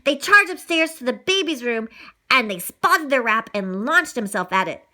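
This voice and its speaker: A woman reading a storybook aloud in an animated, breathless way, narrating in the first person as a dog. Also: fairly high pitch, moderate pace.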